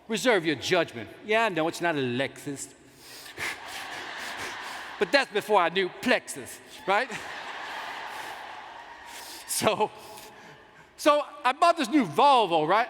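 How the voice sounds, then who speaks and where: In a large conference hall, a middle-aged man with a high voice gives a motivational keynote, telling animated stories punctuated by loud outbursts as he works the crowd. Long reverb from the hall and faint noise are audible.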